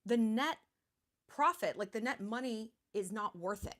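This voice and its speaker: With a slightly high, expressive voice at a measured pace, a woman in her thirties hosts a charity livestream. Her casual talk is chatty and blunt, with lots of fillers.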